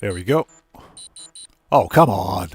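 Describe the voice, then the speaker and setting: A man's voice: low voice, lively intonation, takes it slowly, breathy edge, no echo, soft background music. Chatty man streaming a game. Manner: chatty, laid-back, laughs easily, greets viewers. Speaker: gaming streamer host. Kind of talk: casual live-stream chat while playing.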